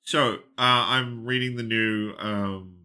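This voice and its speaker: Bright-voiced man rambling with swears. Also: fairly low pitch, steady tone, takes it slowly, clean tone. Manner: rambling, swears, many fillers. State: sick, coughing. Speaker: podcast co-host. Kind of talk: casual chat.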